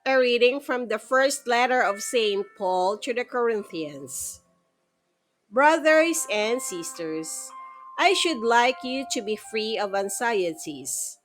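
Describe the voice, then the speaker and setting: A woman reading scripture aloud in a calm, measured, reverent way. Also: fairly high pitch. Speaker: scripture reader. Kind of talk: slow devotional scripture reading. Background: soft instrumental music.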